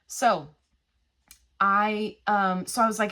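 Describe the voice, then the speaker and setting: A woman vlogger chatting casually at home, retelling a story in a rambling, animated way. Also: medium pitch, unhurried, noisy background. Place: small old house, cooking at home.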